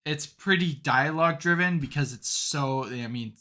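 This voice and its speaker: This young podcast co-host has a bright, forward voice that sits a little high, and he chats casually at a moderate pace. His stories ramble and fill up with fillers, and he gets animated once one really takes off.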